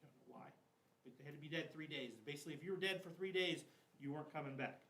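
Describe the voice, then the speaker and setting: A man's voice: fairly high pitch, racing, fairly bright tone. A man teaching a confirmation class, retelling Bible stories in a loose, chatty way full of "like" and slang. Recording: echoey room, mic at a distance, faint hiss.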